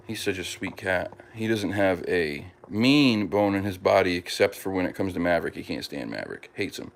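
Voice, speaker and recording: A man's voice: deep voice, expressive, normal speed, hardly any pauses, slight background noise. A man chatting casually at home as a podcast host, rambling with lots of fillers and restarts and talking fondly about his pets. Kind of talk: casual chat.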